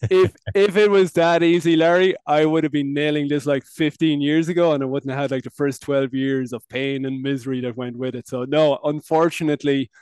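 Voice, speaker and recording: A man's voice: a little high, fairly even intonation, brisk, few pauses, darkish tone, clear, resonant tone, no echo. Irish man, candid and laughing. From Ireland. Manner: candid, laughs often, stammering restarts. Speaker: podcast guest, men's coach. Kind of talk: casual interview chat.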